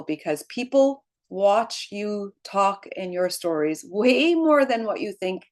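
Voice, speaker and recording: A woman's voice: medium pitch, expressive, slow pace, hardly any pauses. A middle-aged woman leading a motivational team call, encouraging and chatty, often tagging her points with "right?". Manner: encouraging, frequent "right?" tags, laughs easily. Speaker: team leader.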